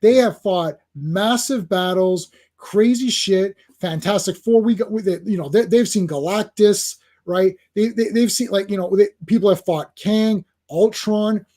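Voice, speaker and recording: A man hosting a casual comic book review chat, excitable and rambling as he talks through the pages. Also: sits high, measured pace, hardly any pauses. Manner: excitable, rambling with fillers and restarts.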